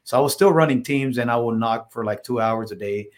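A man's voice: mid-range voice, a little fast. Chatty man telling stories, lots of fillers. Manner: filler-heavy, animated when quoting himself. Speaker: podcast guest, solar salesman. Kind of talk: casual interview storytelling.

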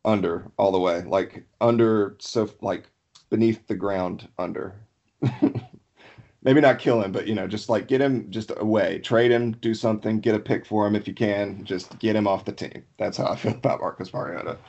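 A man from Alabama with a low voice and a gravelly edge to it. He talks as a podcast guest in a loose, rambling way, chuckling as he goes. His speech drifts along in a relaxed, unhurried way. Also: dull audio. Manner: laid-back, rambling, laughs easily. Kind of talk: casual chat.

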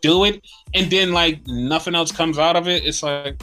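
High, bright-voiced man ranting casually. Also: normal speed, soft background music. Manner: animated, swearing, acts out wrestler rants. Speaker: podcast co-host. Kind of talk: casual wrestling chat.

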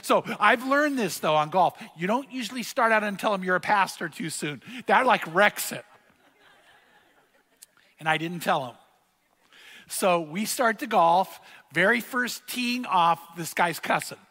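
A man's voice: high-pitched, measured pace. A middle-aged man preaching a sermon as pastor, telling stories in a casual, conversational way. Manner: storytelling with acted dialogue, conversational and lively. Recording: reverberant church hall.

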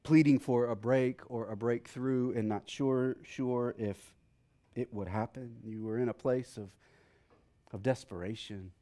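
Speaking at a measured pace in a medium pitch, a pastor recounts his own travels with excitable energy, playing the characters himself. The sermon then eases into quieter teaching from the Bible.

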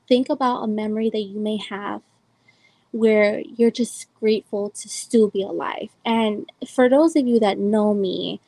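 A woman's voice: mid-range voice, unhurried, gravelly, warm tone, dry recording, low-quality recording. A woman in her twenties from El Salvador, hosting a podcast and telling a personal story in a loose, rambling way with many fillers. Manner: rambling, heavy use of "like" and "um". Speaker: podcast host.

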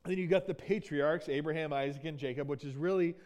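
A man's voice: fairly high pitch, quick pace, a little mellow, highs cut off. A man preaching a sermon as pastor, teaching in a conversational way, often asking "right?" and acting out quoted lines.

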